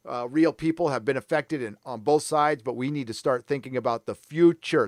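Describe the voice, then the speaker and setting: A man's voice: mid-range voice, moderate pace, no echo, studio quality. A middle-aged man hosting a live stream, ranting angrily and swearing a lot while reading viewer comments. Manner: angry, profane, ranting. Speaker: live show host.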